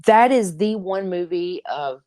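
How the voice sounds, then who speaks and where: A woman's voice: on the low side, lively intonation, a little slow, dark tone, no echo. A woman, co-hosting a casual podcast in a chatty, upbeat way with frequent ums. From Nashville, Tennessee. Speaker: podcast co-host. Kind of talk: casual chat.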